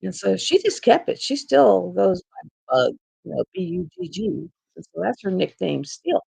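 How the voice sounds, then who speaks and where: A woman's voice: fairly low pitch, sing-song, normal speed, vocal fry, mellow, slightly rough, dry recording. An older woman, hosting a casual craft live stream from home on a laptop, chatting in a rambling way and laughing often. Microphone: laptop mic.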